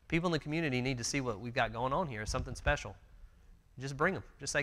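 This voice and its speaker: A man's voice: mid-range voice, rapid-fire, pushed and bright. A man in his thirties teaching a church Bible class, telling stories earnestly and conversationally with fillers. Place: church meeting room. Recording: long church hall reverb.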